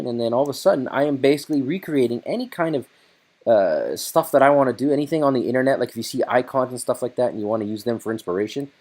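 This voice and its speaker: A man hosting a casual screen-recorded software tutorial, chatty and loose, thinking aloud as he works. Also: medium pitch.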